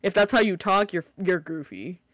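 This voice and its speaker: A woman's voice: on the low side, lively intonation, moderate pace, dry recording. A woman in casual chat with friends, teasing and giggly.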